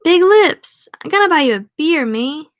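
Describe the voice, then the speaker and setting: A woman voicing a big, drunk, friendly male lumberjack who talks loudly in broken, French-tinged English. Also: very high-pitched, lively intonation, normal speed, no echo, clean studio sound, pitched above the performer's own voice. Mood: boisterous. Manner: loud, boisterous, with broken French-tinged speech.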